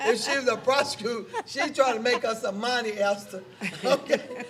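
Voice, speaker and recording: A woman's voice: fairly high pitch, normal speed, fairly bright tone. A woman in her fifties hosting a casual live talk show, chatty, laughing often as she reads viewer comments aloud.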